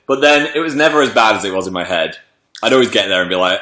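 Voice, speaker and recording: Hosting a casual livestream, a young man with a bright, forceful, fairly low-pitched voice chats quickly and greets a string of viewers by name. He sounds slightly stuffed up from a cold, and the room is echoey.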